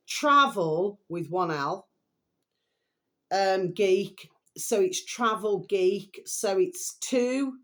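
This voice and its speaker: A middle-aged woman talking casually to her viewers, drifting from one thought to the next in a loose, rambling flow. Her voice sits a little low for a woman, and she speaks without a script. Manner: rambling, keeps repeating a pet phrase to viewers. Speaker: vlogger. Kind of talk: casual unrehearsed chat to camera.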